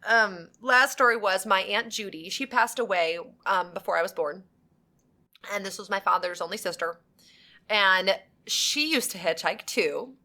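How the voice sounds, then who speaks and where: A young woman chatting on a podcast with a bright, forceful voice. She tells a story at an easy, casual pace, acts out the people she quotes and laughs between lines. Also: medium pitch, unhurried. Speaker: podcast co-host. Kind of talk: casual chat.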